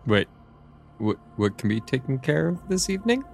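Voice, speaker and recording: Low gravelly male player, lively casual delivery, jokey and hesitant. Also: moderate pace, soft background music. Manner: casual, joking, hesitant with many "like"s. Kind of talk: casual tabletop role-play.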